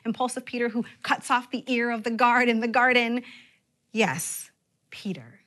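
A woman pastor preaching a sermon, with expressive emphasis and sudden drops to a near-whisper. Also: on the high side, normal speed.

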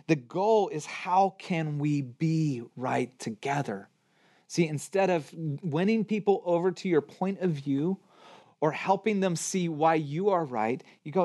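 A middle-aged man preaching a sermon as pastor, earnest, rising to emphatic peaks and dropping to hushed prayer. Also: fairly high pitch, expressive, a little slow. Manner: earnest, swings between emphatic rises and soft hushed prayer.

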